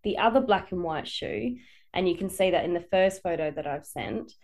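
A woman's voice: on the low side, expressive, moderate pace, darkish tone. A woman from Perth, Australia, walking co-hosts through a case in casual podcast chat, hedging and laughing easily. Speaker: podcast co-host presenting a case.

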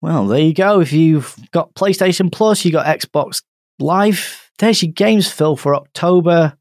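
A man's voice: fairly high pitch, unhurried, dry recording, clean studio sound. A man with a Northern English accent hosting a gaming podcast, bantering and joking at his own expense. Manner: joking, self-mocking banter. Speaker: podcast host. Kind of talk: casual chat.

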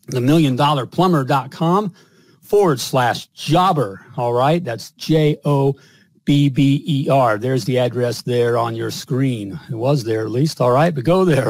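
A man's voice: on the high side, a little mellow, no room sound, rough recording. A man hosting a podcast with boastful, hyped energy and lots of fillers. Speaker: podcast host.

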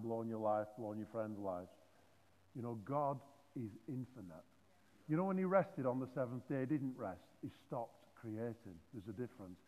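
A man preaching a sermon, animated and joking, with many restarts. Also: medium pitch. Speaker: pastor. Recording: phone-like audio in a reverberant hall.

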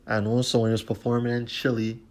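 A man with a mid-range voice talks quickly on his own podcast, his pitch barely moving. He's casual, swears, uses slang and repeatedly drops "you know what I'm saying."

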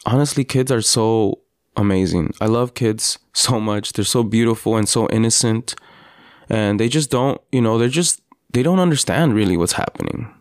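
A father hosting a podcast, telling his story in an earnest, halting personal monologue with frequent restarts. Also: fairly low pitch, clear, resonant tone, no room sound, clean studio sound. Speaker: podcast host.

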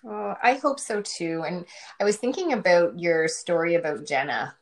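Woman interviewer with a lower voice; casual and encouraging toward her guest. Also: expressive, normal speed. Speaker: host.

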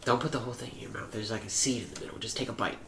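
A man putting on a hushed, whispery neighbor who leans in close and murmurs his offers. The voice stays soft and a little creepy, and it bounces around a roomy space. The recording has a faint hiss behind it. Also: fairly low pitch, fairly even intonation, racing, vocal fry. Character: creepy whispering male neighbor, friendly gardener. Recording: roomy echo.

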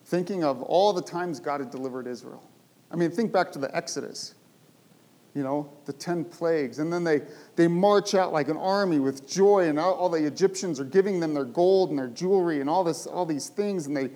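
A male preacher with a notably high voice delivers a sermon. He retells old stories with emphatic rises and throws rhetorical questions at his listeners. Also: darkish tone.

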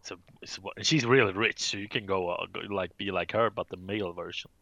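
A man co-hosting a relaxed gaming talk show, with a gravelly, bright-edged voice. He rambles through stories, swears freely and jokes around. The sound is dry and close. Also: sits low, a little fast, no echo, highs cut off. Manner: joking, swearing, rambling storyteller. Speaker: podcast co-host. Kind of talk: casual gaming chat.

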